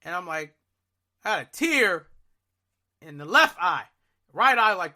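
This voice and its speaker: A young man on a podcast, telling a story in casual, profane chat that swings into loud, exasperated outbursts. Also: sits high, sing-song, unhurried. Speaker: podcast co-host.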